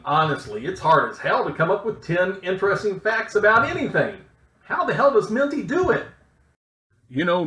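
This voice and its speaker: A man narrating a mock-serious comedy exposé with deadpan delivery and rambling asides. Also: fairly high pitch.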